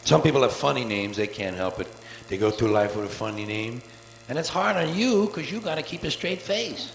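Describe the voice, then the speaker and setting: A man doing a live stand-up routine, profane and sardonic, with rapid-fire wordplay, on a theater stage before an audience. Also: medium pitch, lively intonation, vocal fry. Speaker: stand-up comedian. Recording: echoey live soundboard tape with faint hiss.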